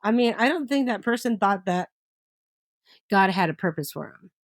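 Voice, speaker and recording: A woman guest telling a personal story in an interview, animated and often laughing as she talks. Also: medium pitch, moderate pace, dry recording.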